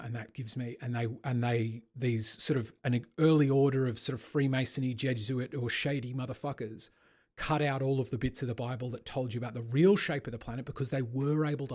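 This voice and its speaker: A man's voice: mid-range voice, darkish tone. A man hosting a casual online debate, arguing in long, rambling runs of rhetorical questions. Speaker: host of an online discussion.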